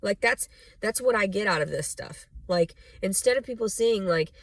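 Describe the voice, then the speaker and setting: A woman's voice: medium pitch, lively intonation, normal speed, no room sound. A young adult woman vlogging in a rambling personal monologue, blunt and profane, full of "like" and "you know".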